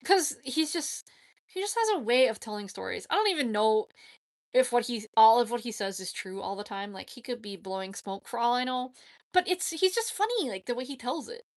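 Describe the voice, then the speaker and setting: A woman's voice: fairly high pitch, big pitch swings, a little fast. A woman chatting casually on a live stream, rambling and emphatic, often adding "like, seriously.". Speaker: YouTube streamer answering chat.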